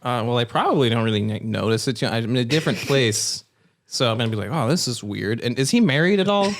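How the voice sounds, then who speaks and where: A man's voice: mid-range voice, expressive, fast talker. A man guesting on a casual podcast, telling an improvised story in a playful way, laughing often and slipping into silly voices.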